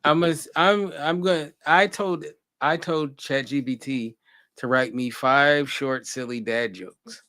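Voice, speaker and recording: A man's voice: mid-range voice, takes it slowly, sharp tone, dry recording. A man hosting a casual group chat, rambling loosely and laughing often. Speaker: host.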